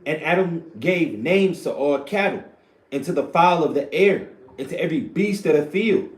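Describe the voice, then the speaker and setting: Man, scripture reader, slightly high pitch, slow, halting delivery, echoey room. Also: animated. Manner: slow, halting reading with drawn-out words. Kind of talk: reading verses aloud.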